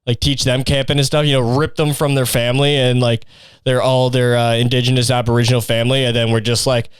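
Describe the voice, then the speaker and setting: A man's voice: medium pitch, flat delivery, fast talker, clean tone, no echo, studio quality. A young man hosting a solo podcast, rambling crudely with constant profanity. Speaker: podcast host. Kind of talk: casual solo podcast rant.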